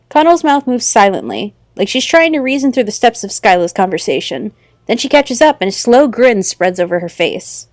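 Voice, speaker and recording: A woman's voice: medium pitch, animated, moderate pace, no room sound, studio quality. A woman hosting a let's play, reading a visual novel aloud in a playful way. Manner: playful, laughs at her own slips.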